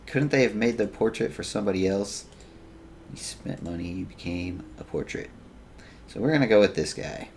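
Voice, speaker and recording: A man's voice: lowish voice, expressive, normal speed, a little mellow, a little hiss or hum. A man giving joking let's play commentary, reading game text aloud with self-mocking asides. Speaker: gaming YouTuber.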